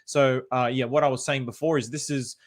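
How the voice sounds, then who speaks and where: Australian male streamer, mid-pitched, chatty, upbeat, casual. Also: fairly even intonation, fairly quick. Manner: upbeat and chatty, often repeats phrases; greets viewers by name and reads chat. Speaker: livestream host. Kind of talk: casual livestream commentary.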